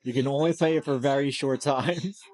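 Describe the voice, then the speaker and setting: A man's voice: medium pitch, moderate pace, darkish tone, dry recording. A man co-hosting a podcast in casual chat, reacting with short laid-back quips.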